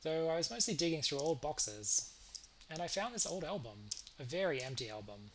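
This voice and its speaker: A man's voice: a little high, sing-song, moderate pace, a little hiss or hum, rough recording. A man reading the lines of an affectionate elderly cat in a game, calling his partner darling. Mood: fond. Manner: fond, reads dialogue aloud. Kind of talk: reading game dialogue aloud.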